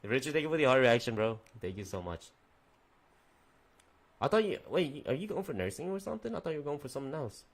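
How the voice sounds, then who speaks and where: A man's voice: mid-range voice, very animated, quick pace. A young man hosting a casual podcast stream, chatting loosely with viewers in a rambling, profane way. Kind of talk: casual chat with live chat viewers.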